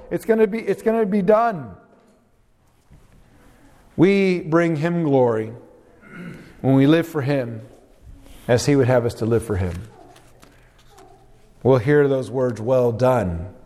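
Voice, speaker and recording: A man preaching a sermon, dropping his voice low for scripture and rising sharply on questions. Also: a little mellow. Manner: swings pitch widely, drops low on quotes, rises on questions. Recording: long reverb of a large hall.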